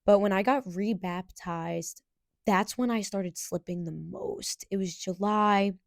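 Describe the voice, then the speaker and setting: A woman's voice: mid-range voice, vocal fry, dry recording. Earnest young woman, dry close sound. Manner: earnest, halting, many fillers and restarts. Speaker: podcast host. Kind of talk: personal storytelling to camera.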